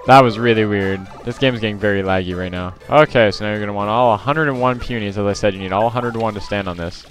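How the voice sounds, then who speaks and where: A man with a fairly low voice hosts a let's play, offering casual commentary on the game. He rambles, using lots of fillers and correcting himself as he goes.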